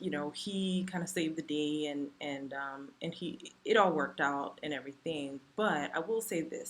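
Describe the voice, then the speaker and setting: A woman with a low-pitched voice tells a personal story to her vlog camera. She talks casually and animatedly, leaning on "you know" and "like" as she goes. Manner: chatty, animated retelling full of "you know" and "like". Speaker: vlogger.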